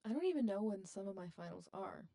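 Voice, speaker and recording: A woman's voice: medium pitch, very animated, fast, mellow. A young woman co-hosting a student podcast in a casual, chatty way, laughing often. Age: young adult. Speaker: podcast co-host. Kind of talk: casual chat.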